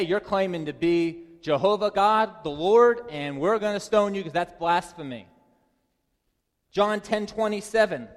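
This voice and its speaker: A man preaching a sermon, reading verses and pressing his points with emphatic rises in pitch and volume. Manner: emphatic, rising high and loud to stress points. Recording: long hall reverb.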